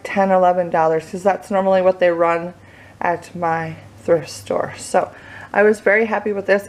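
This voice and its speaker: Young woman, out of breath, nervous chatty home vlog tour, rambly with lots of um and like, indoors. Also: medium pitch. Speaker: home decor vlogger. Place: indoor living room, hot room.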